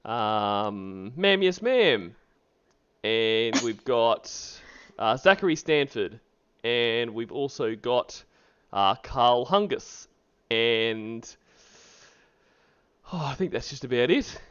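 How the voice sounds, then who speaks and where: Male streamer, chatty and giggly, smooth lively voice, dull lo-fi audio. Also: medium pitch, takes it slowly, long pauses. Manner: laughs often, rambling shout-outs. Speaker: streamer host. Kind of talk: casual stream chat.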